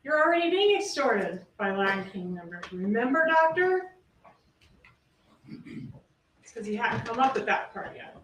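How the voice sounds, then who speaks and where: A woman's voice: mid-range voice, lively intonation, a little fast, hardly any pauses, a bit bright. A woman prosecutor delivering a closing argument to a jury, pressing her points with rhetorical questions. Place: courtroom. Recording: roomy courtroom audio from a distance, faint hiss.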